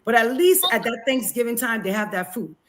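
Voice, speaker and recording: Woman from Liberia, higher voice, earnest and emotional, conversational closing remarks, video call guest. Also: sing-song, brisk.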